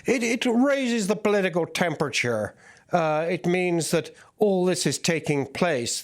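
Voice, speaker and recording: A foreign correspondent giving a news interview, explaining events in a measured way with frequent fillers and restarts. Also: male voice, high voice, expressive, faint music behind. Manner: reporting in a measured way with many fillers.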